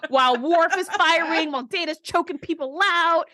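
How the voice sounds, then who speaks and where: A woman's voice: very high voice, moderate pace, no echo, clean studio sound. A woman co-hosting a podcast, recapping an episode in casual chat and acting out her own reactions. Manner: animated, acts out reactions. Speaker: podcast co-host.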